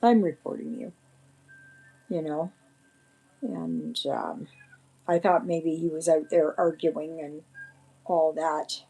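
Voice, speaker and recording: A woman's voice: low-pitched, steady tone, takes it slowly, creaky, long pauses, mellow, slightly rough. A woman hosting a casual livestream, rambling in a shaken, indignant way. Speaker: livestream host.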